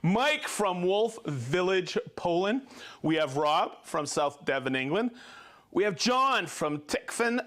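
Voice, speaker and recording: High-voiced joking male livestream host. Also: sing-song, a bit bright. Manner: jokey, stumbles over place names, quick asides. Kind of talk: reading viewer shout-outs on a live show.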